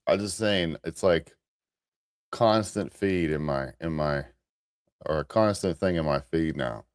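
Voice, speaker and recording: Deep-voiced American man rambling on a live show. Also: measured pace, no room sound, clean studio sound. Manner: rambling, restarts, chuckles at himself. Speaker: host of a live morning commentary stream. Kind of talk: casual rambling commentary.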